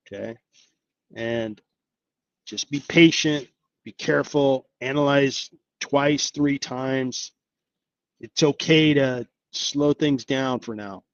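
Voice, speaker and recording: Man, live-stream host, casual and upbeat, rambling fillers, mid-pitched, dry close sound. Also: no room sound, lo-fi sound. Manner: chatty, upbeat, thinks aloud with many fillers. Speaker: investing channel host.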